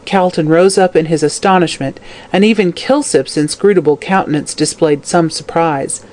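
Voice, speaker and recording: A narrator reading a classic crime novel aloud in a steady, scripted audiobook style. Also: mid-range voice, normal speed.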